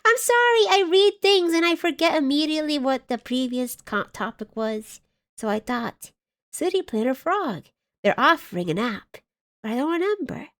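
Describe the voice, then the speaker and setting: A woman streamer with a fairly high voice that swings widely up and down. She talks in a loose, scattered way and giggles often. She reads chat aloud while she plays. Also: sing-song, normal speed. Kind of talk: casual live game commentary.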